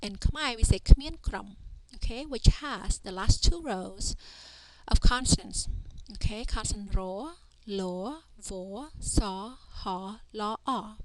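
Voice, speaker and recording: A woman's voice: mid-range voice, takes it slowly, very noisy. A woman teaching a language lesson as a voice-over, patiently sounding out syllables one by one and often checking in with "okay". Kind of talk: slow spelling-out lesson narration.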